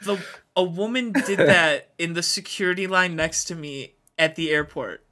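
A man in casual chat, self-deprecating and quick with funny anecdotes and quoted voices. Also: fairly high pitch, pushed and bright.

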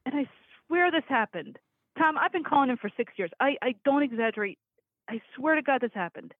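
A woman's voice: high voice, fairly quick, no echo. A woman who calls in regularly to a talk show, telling stories and often laughing. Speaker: regular caller. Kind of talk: casual call-in chat. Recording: tinny phone line.

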